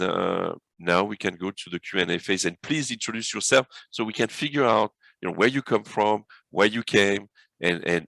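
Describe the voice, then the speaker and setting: A man's voice: fairly low pitch, creaky, fairly bright tone, dry recording, poor audio. A man with a French accent presenting and answering, rambling and restarting phrases.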